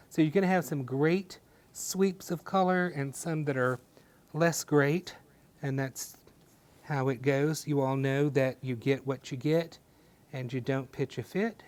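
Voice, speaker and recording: Gentle-voiced male painting instructor. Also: medium pitch. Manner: gentle, encouraging, folksy sayings. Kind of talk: step-by-step painting demonstration.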